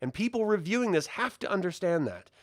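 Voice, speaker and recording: A male reviewer talks through a film with real passion, and his voice swings widely up and down as he gets into it. His pitch sits a little higher than most men's. The sound is dry and close, with no room echo. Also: a little fast. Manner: animated and passionate, with frequent fillers. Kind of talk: casual spoken film review answering viewer questions.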